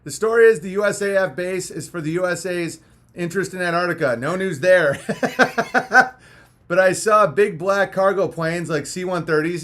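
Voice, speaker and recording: A man's voice: high-pitched, fairly bright tone. A man hosting a live stream in a casual, rambling, crude and jokey way, reading out viewer messages, a little punch-drunk after hours of talking.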